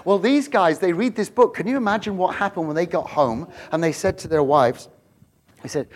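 Middle-aged male preacher, high-pitched, animated storyteller. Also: fairly quick. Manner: animated storytelling, swings from hushed to shouting. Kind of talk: sermon.

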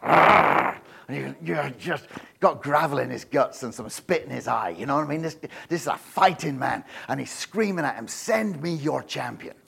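A male preacher giving an animated, jokey sermon, often laughing and checking in with the crowd with quick rhetorical questions. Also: medium pitch, vocal fry, husky. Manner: animated, asks the crowd frequent "right?" questions.

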